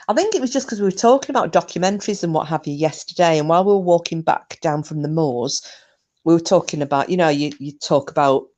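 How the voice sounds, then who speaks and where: A woman's voice: sits low, a little mellow. A middle-aged woman, chatting casually to her live stream viewers in a rambling way with frequent laughs.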